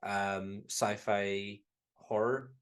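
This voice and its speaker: A man's voice: fairly low pitch, little pitch movement, very slow, a loud crowd. A man with a Northern Irish accent, co-hosting a casual podcast. He chats loosely, swears freely and laughs often. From Northern Ireland. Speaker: podcast co-host. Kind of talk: casual chat reviewing a film.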